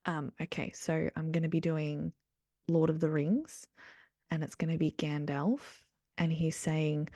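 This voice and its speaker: A woman's voice: low voice, steady tone, unhurried, mellow, no echo, studio quality. A woman co-hosting a casual chat podcast, playful and laughing often, with whispered asides to listeners. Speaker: podcast co-host.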